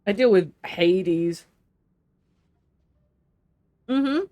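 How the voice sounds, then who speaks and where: A woman's voice: medium pitch, lively intonation, drawn-out words, muffled recording. A woman streaming a game, chatting crudely and laughing often. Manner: crude, giggly banter with frequent laughs. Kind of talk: casual chat while gaming.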